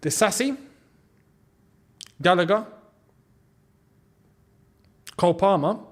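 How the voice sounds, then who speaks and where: A man hosting a live football watchalong, talking through the match and shouting when something big happens. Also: sits high, a little slow. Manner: excitable, swings between muttering and shouting at goals.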